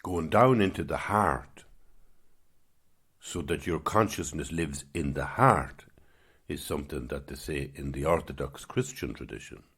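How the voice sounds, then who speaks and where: A man hosting his own podcast, giving a gentle, musing spiritual talk at an unhurried pace. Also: very deep voice, breathy edge. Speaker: podcast host.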